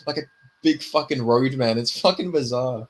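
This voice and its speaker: A man's voice: medium pitch, normal speed. A man with a British accent co-hosting a casual podcast chat, easygoing and swearing freely. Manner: laid-back, sweary. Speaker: podcast co-host.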